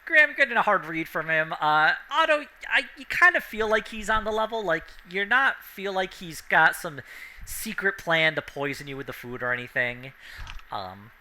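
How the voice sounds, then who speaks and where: A man's voice: high-pitched, animated, normal speed, sharp tone. A man running a tabletop game as game master in a casual, hesitant way.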